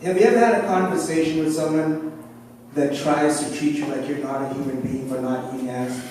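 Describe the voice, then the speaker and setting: A man's voice: a little high, steady tone, a little fast, darkish tone, slight background noise. Guy doing standup, laughs at his own bits, big echo, long reverb tail. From South Africa. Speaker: stand-up comedian. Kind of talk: stand-up comedy set. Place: comedy club stage. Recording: echoey club from far off.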